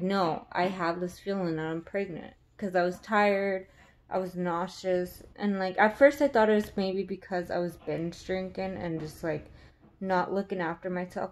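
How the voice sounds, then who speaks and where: A woman's voice: medium pitch, darkish tone. Candid young woman rambling on a vlog. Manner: candid, rambling, with frequent fillers. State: pregnant. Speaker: vlogger.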